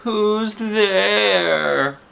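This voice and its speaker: A man voicing a small, sad little girl from a storybook with a plaintive high voice. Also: very slow, gravelly, pushed and bright, clean tone, heavily acted.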